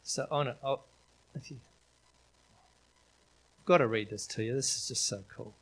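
A middle-aged man preaching to his congregation in a loose, conversational style. He sounds eager and keeps circling back on his words with fillers and restarts, at an ordinary mid pitch for a man. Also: normal speed, fairly bright tone, slightly rough, low-quality recording. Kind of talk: informal sermon.

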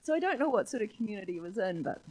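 Husky New woman telling stories. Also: mid-range voice, rapid-fire, poor audio. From New Zealand. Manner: animated storyteller, laughs often, acts out voices. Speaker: church speaker. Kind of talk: sermon with personal storytelling.

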